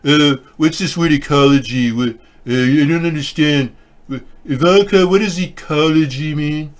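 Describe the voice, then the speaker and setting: A man's voice: fairly high pitch, moderate pace, voice pushed up, lightly acted. A man doing a baffled blustering politician. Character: blustering older male politician, confused and boastful.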